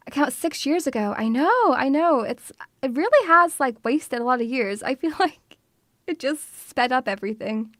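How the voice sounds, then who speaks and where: High, bouncy woman streamer. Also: very animated, normal speed, fairly bright tone, dry recording, studio quality. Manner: playful, bubbly, teasing. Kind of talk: casual chat with viewers. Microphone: studio mic through audio mixer.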